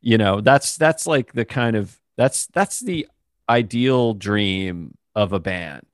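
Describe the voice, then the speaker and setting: A man's voice: fairly low pitch, animated, takes it slowly, no room sound, studio quality. A man hosting an interview podcast, a former touring musician who chats casually and encourages his guest. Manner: encouraging, lots of short agreements.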